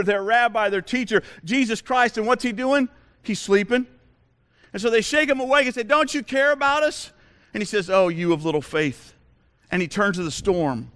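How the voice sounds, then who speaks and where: A man's voice: sits high, fairly bright tone. A man preaching a sermon as a pastor, emphatic, with repeated rhetorical questions.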